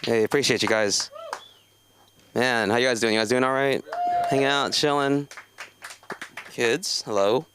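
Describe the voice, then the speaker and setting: A man's voice: medium pitch, steady tone, unhurried, pauses often, background noise. A man in his thirties from South Los Angeles doing open mic stand-up, rambling with lots of fillers and restarts. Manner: rambling, many fillers and self-interruptions. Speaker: stand-up comedian. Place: comedy club stage.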